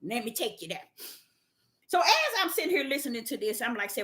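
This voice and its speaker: A woman preaching with fervour, repeating phrases and swinging from low murmurs to shouts, laughs and cries. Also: big pitch swings, a little fast. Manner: fervent, repeats phrases for emphasis. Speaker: preacher teaching scripture to an online audience. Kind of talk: fiery preaching.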